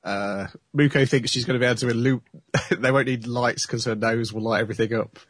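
A man's voice: mid-range voice, steady tone, fairly quick, slightly rough, no echo. A man hosting a casual podcast, recapping an anime episode with frequent laughs. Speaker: podcast host.

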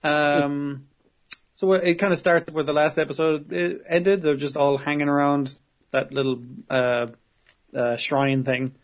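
A man chatting casually on a podcast, recapping a show, laughing often, swearing freely and slipping into quick character voices. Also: a little high, steady tone. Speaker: podcast co-host.

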